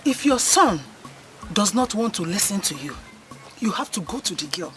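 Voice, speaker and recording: A woman's voice: medium pitch, moderate pace, soft background music. An actress playing a meddling village woman with a Nigerian accent, gossipy and pushy. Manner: gossipy, pushy, expressive, mixing Igbo into English. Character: meddling middle-aged village woman urging action.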